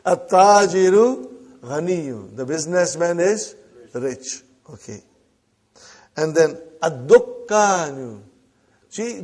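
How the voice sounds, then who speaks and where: Guy teaching arabic in a classroom, kinda high voice, says things twice slow and keeps going "huh?". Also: darkish tone, breathy edge. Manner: repeats phrases slowly, prompts the class with "huh?". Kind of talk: classroom lesson.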